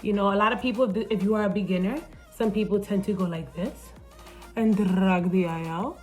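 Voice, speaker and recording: Speaking at medium pitch and a moderate pace, a comedian and TV host gives a casual, playful makeup tutorial. She curses without hesitation and code-switches into Spanish over light background music.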